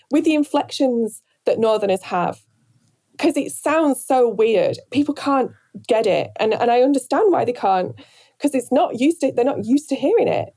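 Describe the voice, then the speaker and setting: In a fairly high, expressive voice, a Northern English woman with a softened accent reflects thoughtfully as an interview guest. She's a radio presenter, and she hesitates a lot, with frequent fillers, pauses and restarts.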